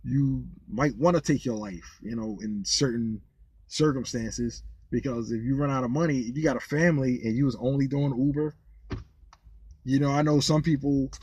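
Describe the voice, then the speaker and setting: A former rideshare driver turned vlogger talks to camera in a mid-range voice with a breathy edge, captured in a dry recording. His delivery is loose and rambling as he vents and tells stories, often repeating himself. He's lively throughout, sounding incredulous during the funny bits.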